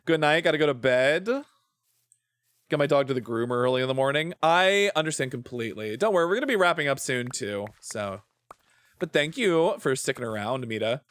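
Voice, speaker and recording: A man's voice: medium pitch, lively intonation, brisk, fairly bright tone, no room sound. A man streaming a game, chatting casually in a playful, rambling way and swearing often. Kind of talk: casual gameplay chat.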